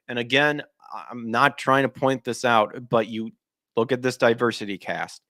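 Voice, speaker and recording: A man's voice: mid-range voice, fairly even intonation, moderate pace, bright, forceful tone, no echo. Man, podcast host, blunt casual rant, frequent swearing, stop-start sentences, dry close sound. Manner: restarts and trails off mid-sentence.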